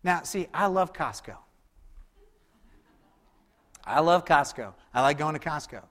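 High-voiced man preaching in a reverberant hall. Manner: lively, conversational preaching with quick asides and call-and-response. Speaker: pastor. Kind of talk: sermon.

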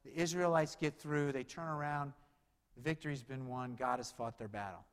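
A man preaching a sermon, swinging between loud, urgent stretches and low, quiet emphasis. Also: moderate pace. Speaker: pastor. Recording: long hall reverb.

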